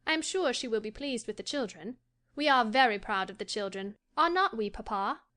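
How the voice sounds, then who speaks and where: A woman's voice: fairly high pitch, animated, brisk, pushed and bright. An actress playing a cheerful young daughter who soothes her anxious father in an audiobook. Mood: reassuring. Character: bright, reassuring young daughter. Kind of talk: audiobook character voice.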